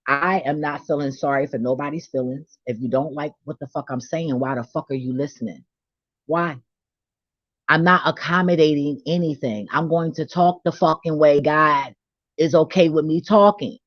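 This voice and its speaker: A vlogger on her own channel launches into a ranting spiritual monologue, blunt, profane, and preachy about faith, confrontational and unfiltered. Her voice sits low at a moderate pace, and the audio is dull with no room sound.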